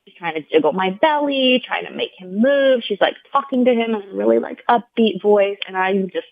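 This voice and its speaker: A woman's voice: mid-range voice, moderate pace, creaky, no room sound. Woman guest, earnest storyteller, lots of "like"s, acts out quotes. Tinny, dry phone-line sound. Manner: earnest, heartfelt retelling, heavy use of "like"; acts out the people she quotes in raised voices. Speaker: podcast guest. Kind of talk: personal storytelling in a conversational interview.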